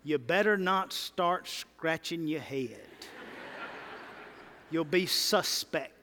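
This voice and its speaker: A man preaching a sermon as pastor, animated and calling out to his congregation. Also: fairly high pitch, slow pace, slight background noise. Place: church sanctuary. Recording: long hall reverb.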